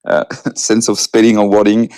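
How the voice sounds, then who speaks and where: Soft-spoken French-accented man, halting and polite. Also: on the low side, completely flat delivery. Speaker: community member. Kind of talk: casual voice chat.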